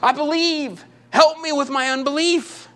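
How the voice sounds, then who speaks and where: A man's voice: very high-pitched, fairly even intonation, measured pace, bright, forceful tone, voice pushed up, heavily acted. A man preaching acts out a desperate father who pleads again and again for his son. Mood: pleading. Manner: pleading, repeating himself.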